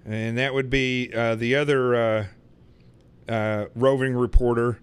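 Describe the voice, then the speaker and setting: A man from Arkansas hosting a talk show, chatting casually and joking with a caller and often pausing on fillers. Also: medium pitch, little pitch movement, smooth. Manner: joking, friendly, lots of fillers.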